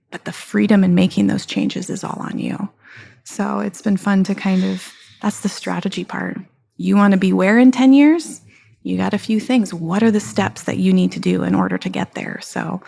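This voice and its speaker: A woman with a mid-pitched voice and heavy vocal fry, talking in a relaxed interview. She is direct and animated, acting out the quotes in her stories. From Montana. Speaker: business co-owner guest. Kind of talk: casual interview conversation.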